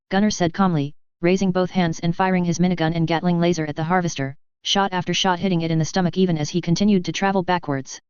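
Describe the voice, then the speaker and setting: A woman with a low, very smooth voice narrates a story in a steady, even read. The sound is dull and muffled, and the room is completely dry. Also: fast talker, few pauses, dry recording. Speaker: fanfiction reader.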